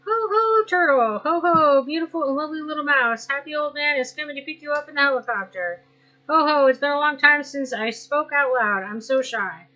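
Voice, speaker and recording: A woman's voice: high-pitched, a little fast, pushed and bright, lo-fi sound. A woman voicing a jolly old male bird boss who chuckles often and rambles.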